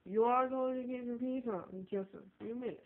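A woman's voice: a little high, brisk. A woman rambling playfully through an improvised skit, switching between characters. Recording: tinny phone-like audio with loud noise.

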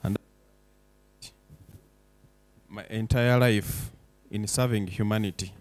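A young man speaks with rising passion at a public event. His voice sits low and warm, and the sound is dry and close, with no room echo. He shifts from reflective lines to forceful declarations. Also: a little slow. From Uganda. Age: young adult. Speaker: foundation director giving a speech. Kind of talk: emotional public speech. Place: event hall.

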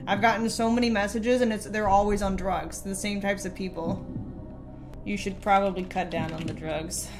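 A woman's voice: medium pitch, steady tone, normal speed, over music. A young woman streamer reading viewer messages aloud and answering them with sarcastic, casual commentary. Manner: sarcastic, reads messages aloud in mocking voices.

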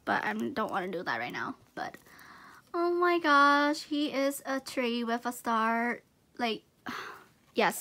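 A young woman with a high, bright voice talks through an unboxing in a casual vlog. She gushes and giggles over each item, excitable and chatty. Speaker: vlogger unboxing gifts.

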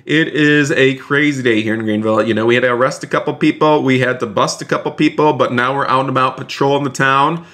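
A male game streamer talks to his viewers live, his voice sitting in a middle pitch. He is excitable and effusive, heaping thanks on donors and repeating his exclamations. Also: fast, hardly any pauses.

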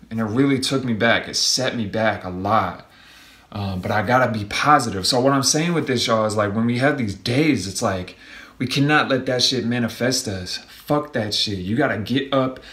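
A young man telling the camera about a rough shift in a loose, profane, animated way. His voice sits in an ordinary middle pitch. The room is echoey and hollow. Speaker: vlogger. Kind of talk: casual motivational vlog rant. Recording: roomy echo.

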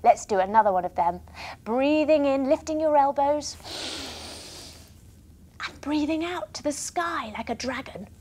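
A young woman with a high, animated voice leads children through a storytelling yoga class, playful and encouraging, punctuating it with gasps and sound effects. She's unhurried, leaves long pauses, and her tone is dark. She's a kids yoga teacher.

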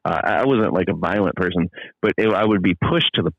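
A man who runs a landscaping business, guesting on a podcast by phone, telling stories in an intense, profane, animated way. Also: low voice, brisk, gravelly, no room sound. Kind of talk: casual podcast chat. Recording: lo-fi phone line.

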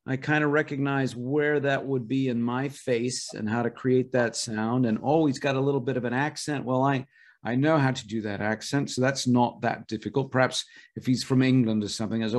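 A man's voice: medium pitch, fairly quick. A middle-aged man, a voice impressionist, answering interview questions thoughtfully and at length, with small restarts. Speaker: voice impressionist guest.

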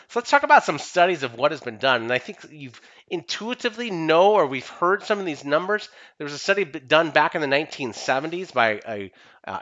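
A man's voice: fairly high pitch, pushed and bright, highs cut off. A man, a company CEO, giving an instructional talk and repeating key phrases for emphasis. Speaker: company CEO presenting training. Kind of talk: instructional talk on workplace skills.

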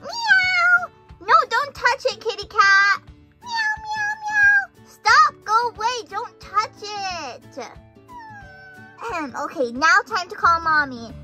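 A woman's voice: very high voice, very animated, takes it slowly, over music, voice pushed up, heavily acted. A woman voicing a jealous, whiny little girl doll who sulks and complains. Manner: sulky, whining. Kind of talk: doll play-acting.

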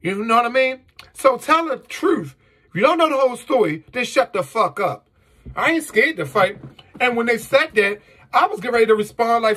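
Fired-up guy ranting at the camera, high voice, kinda husky, lotta cussing, aave. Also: expressive, moderate pace, sharp tone. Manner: heated, profane, rhetorical questions. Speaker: vlogger. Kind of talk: angry monologue to camera.

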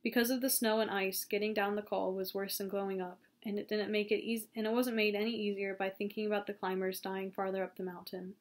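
A woman reads a novel aloud in a calm, steady voice at an ordinary pitch. She sometimes trips over a word and starts the phrase again. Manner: calm, steady reading with small slips and restarts. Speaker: audiobook reader.

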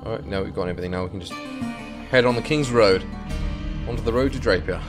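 A man's voice: on the low side, brisk, over music. A man hosting a let's play, commenting wryly and reading game text aloud. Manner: chatty, sweary, wry.

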